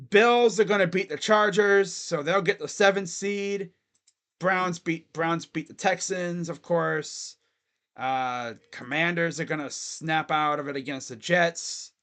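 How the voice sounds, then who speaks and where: A man with a noticeably high-pitched voice hosts a casual fan livestream. He talks in a loose, rambling way, chatting with viewers as he goes. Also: fairly bright tone. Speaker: sports fan livestream host.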